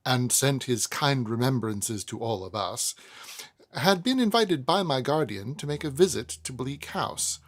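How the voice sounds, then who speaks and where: A man cold-reading a classic novel aloud in first person, expressive, with chatty asides to listeners. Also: mid-range voice, vocal fry, husky. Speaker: audiobook narrator.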